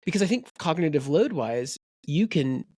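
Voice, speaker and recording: A man co-hosting a podcast in relaxed chat, with many "you know"s and "right"s. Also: a little high, moderate pace, dry recording, clean studio sound. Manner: chatty, full of fillers like "you know" and "right". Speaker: podcast co-host. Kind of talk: casual chat.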